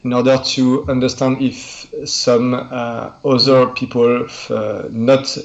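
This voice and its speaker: French-accented man, halting and hesitant. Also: medium pitch, flat delivery, vocal fry. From France. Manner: halting, many "uh" fillers and restarts. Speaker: chess stream host. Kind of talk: casual live-stream chat. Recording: dull lo-fi stream audio.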